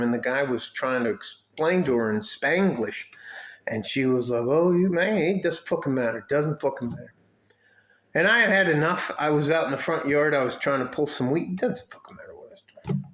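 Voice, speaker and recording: A man's voice: mid-range voice, brisk, fairly bright tone. A man from Detroit telling a story in a casual vlog rant, swearing often and rambling with many fillers and restarts. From Highland Park, Detroit. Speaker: vlogger.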